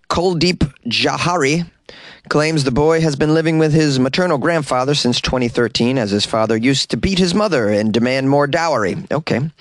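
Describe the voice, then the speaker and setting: A man with a raspy voice, a comedian hosting a news podcast, who reads odd stories and adds wry, incredulous jokes. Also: medium pitch, no echo. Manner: wry, incredulous, joking asides. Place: small closet. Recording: dry closet recording.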